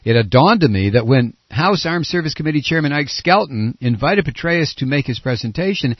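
Sarcastic male radio host on a lo-fi, dry recording, with a husky edge and dull sound. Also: on the high side, big pitch swings, moderate pace, no room sound. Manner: sarcastic, ranting, reads news aloud. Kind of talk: opinionated talk radio monologue.

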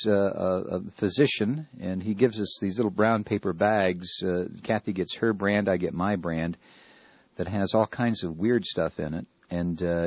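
A man's voice: on the low side, husky, dry recording, highs cut off. A man hosting a talk radio show, ranting sarcastically and rambling with many fillers. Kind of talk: opinionated talk radio monologue.

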